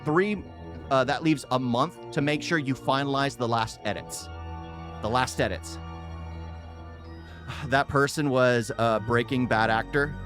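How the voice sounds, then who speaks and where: A man's voice: medium pitch, unhurried, long pauses, music in the background. Rambling man reacting casually. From United States. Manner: rambling, repeats phrases for emphasis. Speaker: reaction video host. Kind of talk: casual off-the-cuff reaction commentary.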